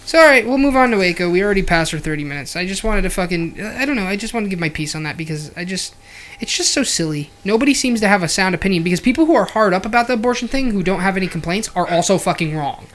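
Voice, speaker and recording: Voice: medium pitch, lively intonation, fast talker, fairly bright tone. A podcast host giving strong opinions in casual chat, emphatic and full of swearing. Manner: emphatic, profane, argumentative.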